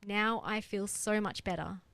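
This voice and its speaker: A woman's voice: mid-range voice, fairly even intonation, a little slow, gravelly, a bit bright, no echo. A woman doing a frightened little porcupine. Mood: plaintive. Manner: plaintive, bewildered. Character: frightened porcupine, male, small, pleading.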